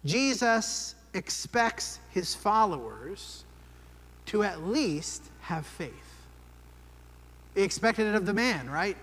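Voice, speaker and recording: A man's voice: sits high, sing-song, slow, a bit bright. A man preaching a sermon in a conversational way, often checking in with "right?". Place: church sanctuary. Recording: long church hall reverb.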